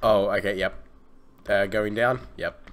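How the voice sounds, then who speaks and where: A man's voice: fairly low pitch, fairly even intonation, measured pace. A man playfully chatting and laughing while playing a video game at home. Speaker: gamer co-host. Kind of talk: casual gameplay chat.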